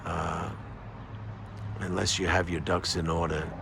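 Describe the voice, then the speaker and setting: Older man with a deep gravelly voice. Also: flat delivery, noisy background. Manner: halting, many fillers and restarts. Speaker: vlogger. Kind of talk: casual rambling monologue.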